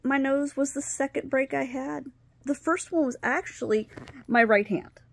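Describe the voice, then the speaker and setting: A middle-aged woman telling a personal story on her video channel, animated, acting out what others said and sometimes dropping to a whisper. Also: high-pitched, normal speed, creaky. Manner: animated, acts out quoted dialogue, drops to whispers. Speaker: vlogger.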